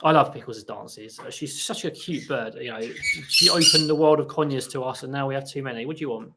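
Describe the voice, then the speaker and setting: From a home room with his pet parrots, a man hosts a casual live stream on a laptop, answering viewers' questions and breaking off to talk to the birds. His voice is medium-pitched and brisk, and the very noisy recording carries parrot squawks and clicks in the background.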